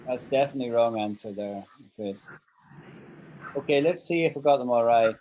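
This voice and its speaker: A man's voice: medium pitch, a little fast, darkish tone, a little hiss or hum, poor audio. A man teaching an online English grammar lesson, patiently walking through example sentences and checking that his students follow.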